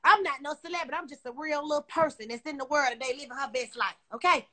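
A woman with a very high, sharp, piercing voice goes off on a livestream in an angry rant. She is profane and confrontational, all fired up, and talks straight into her phone mic. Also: fast talker. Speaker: social media personality. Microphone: phone on a live stream.

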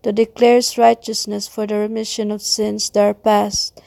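A woman reads devotional passages in a slow, measured recitation. Her voice is mellow with a gravelly edge, and her pitch barely moves. The recording is dry and close. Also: little pitch movement, dry recording. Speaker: devotional reader. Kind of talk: scripted devotional reading.

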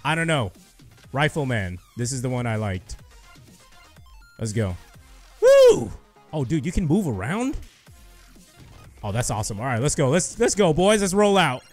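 A young man giving excited live commentary over his own gameplay, shouting and cheering when he gets kills. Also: medium pitch, moderate pace, long pauses, faint music behind. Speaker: gaming youtuber.

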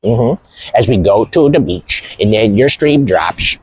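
A man's voice: on the low side, lively intonation, unhurried, breathy edge, pitched below the performer's own voice, poor audio. A man putting on the voice of a lazy, smug male online troll, taunting and sneering.

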